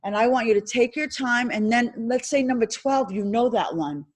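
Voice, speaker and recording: A woman instructor lecturing a classroom on insurance licensing, animated and repetitive as she drills and quizzes her students. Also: a little high, moderate pace, low-quality recording.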